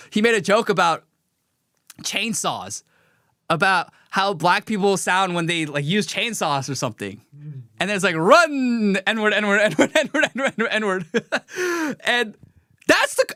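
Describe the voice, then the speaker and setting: Lively sarcastic male show host. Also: very high-pitched, no echo, studio quality. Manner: animated, sarcastic. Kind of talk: live commentary show.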